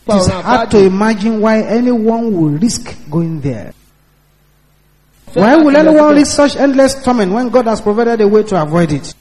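A male preacher delivers an emphatic sermon in a high, strongly swinging voice. He drives his points home with repeated warnings. The sound carries a long hall reverb. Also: mellow.

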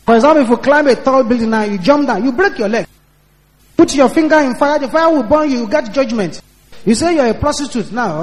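In a high voice with strong swings in pitch, a male preacher gives an emphatic sermon, hammering his points with repeated warnings. A long hall reverb colours the sound.

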